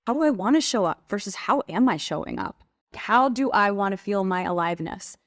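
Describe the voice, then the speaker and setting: A woman's voice: mid-range voice, dry recording, studio quality. A woman guest who leads women's retreats, speaking in a flowing, earnest, reflective way with frequent filler words. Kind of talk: reflective conversational coaching talk.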